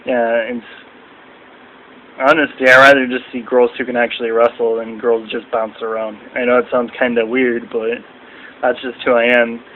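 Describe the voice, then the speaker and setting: A young man in a casual, rambling video review at home, now and then mimicking people in shrill voices. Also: flat delivery, moderate pace, narrow, tinny audio, slight background noise. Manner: rambling, acts out quotes in shrill mocking voices. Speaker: vlogger reviewing wrestling.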